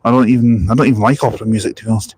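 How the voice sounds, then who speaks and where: A man's voice: medium pitch, fairly even intonation, racing, darkish tone, husky, dry recording, rough recording. Jokey Scottish man on a live stream. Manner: jokey, rambling, laughs at his own stories. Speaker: live-streaming bus spotter. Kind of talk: casual live-stream chat reading comments.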